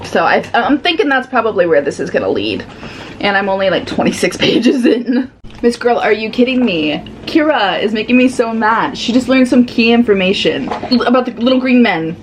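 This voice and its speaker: A woman chatting casually in a reading vlog, giving animated, sassy commentary on a book and laughing often. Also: on the high side, normal speed, a little hiss or hum. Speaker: book vlogger.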